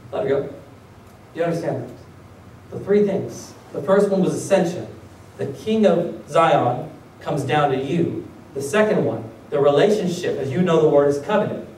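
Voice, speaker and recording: A man's voice: sits high, a little mellow. A pastor preaching a sermon, constantly asking his congregation rhetorical questions and acting out the voices of people in his stories. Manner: acts out quoted voices. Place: church sanctuary. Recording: echoey room, mic far off.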